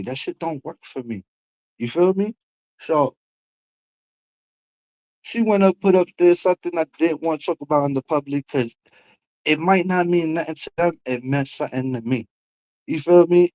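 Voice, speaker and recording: A man's voice: a little high, a little mellow, low-quality recording. A young man with a New York accent, ranting bluntly and with profanity on his livestream about feeling disrespected. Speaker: livestream host. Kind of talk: heated livestream rant.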